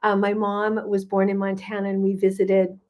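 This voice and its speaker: A middle-aged woman, a gut health coach, chatting warmly and greeting viewers by name as she hosts a livestream. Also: mid-range voice, completely flat delivery, moderate pace.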